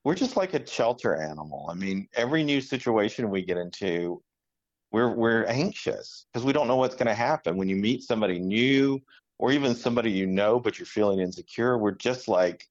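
A man's voice: on the low side, animated, brisk, lo-fi sound. A man in casual conversation, speaking reflectively and rambling with fillers as he talks things through. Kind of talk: casual chat.

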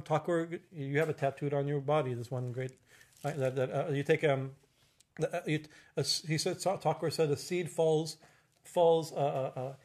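Halting man giving a religious talk. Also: on the high side, darkish tone. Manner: halting, many fillers and restarts, keeps asking "right?". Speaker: spiritual teacher.

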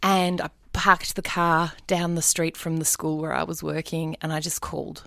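Animated Australian woman with a low voice. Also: normal speed, creaky, no room sound, studio quality. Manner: animated, expressive storyteller who acts out her past thoughts. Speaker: guest, radio announcer. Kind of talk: storytelling in a casual faith interview.

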